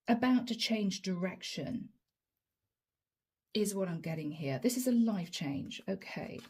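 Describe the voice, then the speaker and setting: Husky mellow woman doing a chatty tarot reading, talks right to the viewers. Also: fairly high pitch. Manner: chatty, laughing often, talking to viewers as guys. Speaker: tarot reader.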